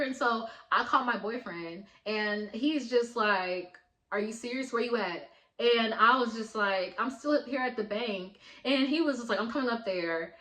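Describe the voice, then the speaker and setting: A young woman vlogger telling a storytime in a chatty, animated way, full of slang and the odd swear word. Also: mid-range voice, moderate pace, echoey room, poor audio. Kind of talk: storytime vlog.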